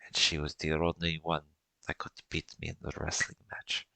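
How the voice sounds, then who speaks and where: A man voicing a doting warrior mother who speaks softly and affectionately in a tabletop game. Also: a bass voice, completely flat delivery, normal speed, creaky, dry recording, heavily acted. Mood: fond. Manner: soft, hushed and affectionate.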